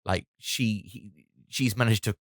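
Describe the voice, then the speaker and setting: A man's voice: on the low side, fairly even intonation, measured pace, no echo, studio quality. A British man, a comedian hosting a solo podcast, rambling and swearing with lots of restarts.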